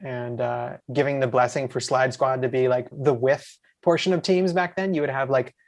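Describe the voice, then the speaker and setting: A man sits in as a podcast guest and spins enthusiastic stories that wander through plenty of asides. His voice sits in an ordinary middle pitch, and he talks in a loose, casual way. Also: steady tone, moderate pace. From USA. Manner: rambling, enthusiastic, lots of asides. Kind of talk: casual storytelling.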